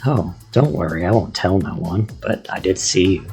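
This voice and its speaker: A man's voice: low voice, lively intonation, normal speed, gravelly, a little mellow, faint music behind. Man doing a drawling Texan gunman. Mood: folksy. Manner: drawling, threatening folksy talk. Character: gruff gun-toting rural Texan man, suspicious.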